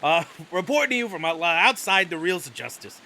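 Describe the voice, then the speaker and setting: A man's voice: sits high, big pitch swings, a little fast, creaky, pushed and bright, a little hiss or hum, heavily acted. A man doing a drawling put-on English screenwriter. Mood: mock-gruff. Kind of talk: comedic impression.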